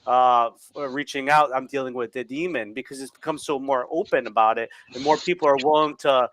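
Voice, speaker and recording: Male host, halting casual delivery, mid pitch. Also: steady tone, a bit bright, a little hiss or hum. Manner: halting, restarts often. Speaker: podcast host. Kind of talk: casual chat.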